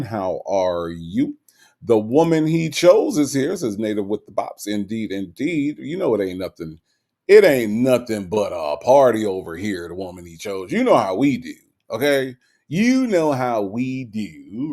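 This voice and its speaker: A man's voice: medium pitch, darkish tone. A man with a Gulf Coast accent hosting a livestream, chatting casually and playfully greeting viewers, often repeating his phrases. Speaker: livestream host.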